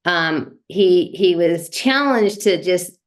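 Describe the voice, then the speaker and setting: A woman shares her reactions in a casual team meeting. Her speech rambles with frequent fillers, and her voice sits on the low side. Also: lively intonation, slow. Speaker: meeting participant. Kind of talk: casual chat.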